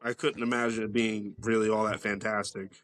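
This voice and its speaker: Bright-voiced man rambling as a guest. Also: lowish voice, little pitch movement, a little fast. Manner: loose and rambling, lots of "like" and swearing. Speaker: podcast guest. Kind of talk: casual podcast chat.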